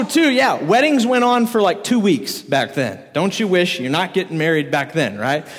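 Man, casual joking preacher, high voice, long hall echo. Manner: joking, animated, laughs often. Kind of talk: casual storytelling sermon. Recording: echoey hall reverb.

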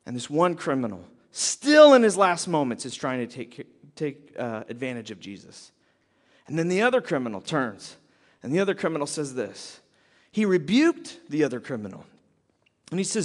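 A male pastor delivering a sermon in a strikingly high voice. He tells the story with emphatic, dramatic delivery, dropping to near hushes and then pressing louder. A long reverb from a large hall trails his words. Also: huge pitch swings, normal speed.

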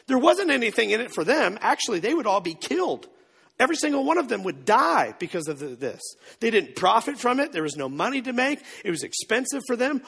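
A man preaching a sermon as a pastor, telling the story in an animated way, acting out quotes and joking. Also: high voice, slightly rough. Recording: echoey hall with long reverb.

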